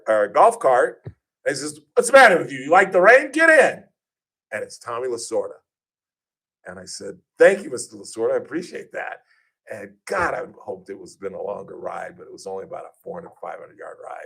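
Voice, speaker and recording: Animated male radio talk host. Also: fairly quick, vocal fry, breathy edge. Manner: animated, acts out quoted voices with big pitch jumps. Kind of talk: casual radio storytelling.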